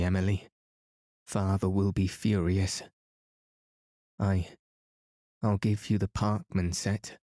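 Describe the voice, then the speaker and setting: A man voicing a sulky, scheming teenage schoolgirl who pleads and sulks, in a slow storybook reading. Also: low-pitched, mellow, dry recording, clean studio sound. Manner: pleading and sullen.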